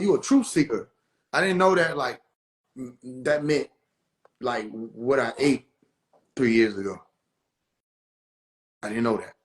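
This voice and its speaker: A man hosting a casual livestream, telling a story in an animated, profane way, laughing often and acting out the people he quotes. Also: on the high side. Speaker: livestream host.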